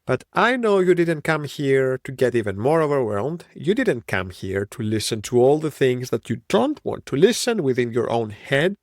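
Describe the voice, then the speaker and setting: A man's voice: mid-range voice, no echo, clean studio sound. A man in his thirties with a Greek accent, hosting a solo podcast in a reflective, wandering way. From Greece. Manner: reflective, musing, wandering train of thought. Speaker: podcast host.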